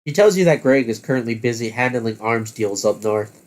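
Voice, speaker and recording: A man reading a text adventure aloud as game master, halting and correcting himself as he goes. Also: medium pitch, expressive.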